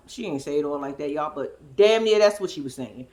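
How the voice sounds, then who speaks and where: A woman hosting a casual recap commentary, talking in an animated, profane way and laughing often. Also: mid-range voice, fast, few pauses. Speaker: host.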